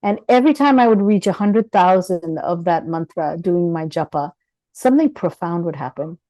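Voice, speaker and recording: A woman's voice: fairly low pitch, moderate pace, no room sound, low-quality recording. A middle-aged woman, a physician guest, telling her story in a casual interview and acting out the voices of the people in it. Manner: animated, acts out quoted voices with laughter.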